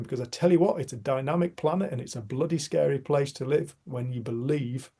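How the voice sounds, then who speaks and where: A man's voice: medium pitch, creaky, warm tone, slightly rough. A man leading a casual community group discussion, talking in an earnest, emphatic way. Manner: earnest, emphatic, swears mildly.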